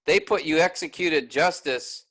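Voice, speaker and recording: A man's voice: a little high, unhurried, fairly bright tone, rough recording. A man teaching a workshop, explaining step by step and often checking in with "all right?".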